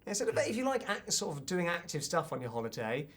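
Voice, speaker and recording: A man's voice: fairly high pitch, sing-song, a little fast, a bit bright, breathy edge. A man with a British accent hosting a casual radio interview, bantering in a jokey, self-deprecating way. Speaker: radio host.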